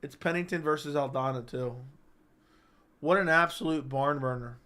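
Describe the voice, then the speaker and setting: A man's voice: fairly high pitch, normal speed, sharp tone. A young man hosting a live-stream chat, rambling and joking as he reads viewer comments aloud.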